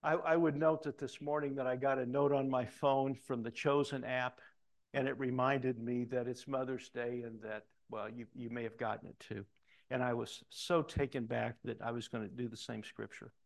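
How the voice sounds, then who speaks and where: A middle-aged man preaching a sermon, reading scripture aloud and breaking off into animated asides, loud for quoted lines and hushed for comments. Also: medium pitch, normal speed, gravelly. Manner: animated, swings between loud emphatic reading and quiet asides. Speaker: pastor.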